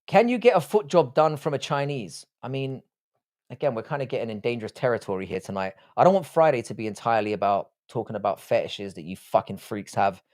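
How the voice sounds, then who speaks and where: A young man hosting a live stream and answering the chat from his desk mic. He talks bluntly and crudely in a joking tone, swearing freely. His voice sits at a middle pitch. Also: expressive, quick pace, darkish tone. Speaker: livestream host reading chat. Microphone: desk microphone, seated.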